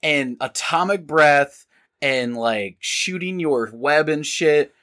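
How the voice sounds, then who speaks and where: Young man co-hosting a podcast, lively pitch, jokey and sweary. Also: slow pace. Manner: animated, joking, swears freely. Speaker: podcast co-host. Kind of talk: casual chat.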